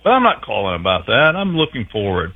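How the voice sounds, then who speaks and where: A man calling in over a tinny phone line, rambling in a folksy way and drifting off topic. His pitch swings up and down with lively energy as he talks. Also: fairly quick, breathy edge. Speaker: regular caller. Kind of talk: comedic rambling call-in.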